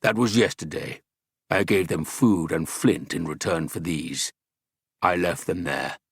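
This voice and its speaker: A man's voice: low voice, a little slow, creaky, breathy edge, no room sound, studio quality, full character voice. A man voicing a big, cunning male mountain trapper who grunts and snarls with menace. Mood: gruff menace.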